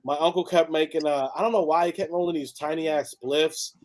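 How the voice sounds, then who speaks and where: A man hosting a casual talk show in a relaxed, loose way, with easy laughter and free swearing. His voice sits a little higher than most men's. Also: fairly quick. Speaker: podcast host. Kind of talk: casual chat.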